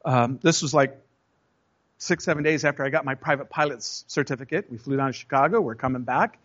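A man's voice: medium pitch, fairly quick, a bit bright, muffled recording. A man preaching a sermon in a conversational way, telling stories, acting out voices and speaking straight to his congregation. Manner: storytelling, acts out voices in anecdotes; conversational, addresses the congregation directly. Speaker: pastor.

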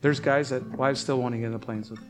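A man preaching a sermon, telling family stories in an animated way and pitching his voice up high when he quotes other people. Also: fast talker, soft background music. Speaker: pastor.

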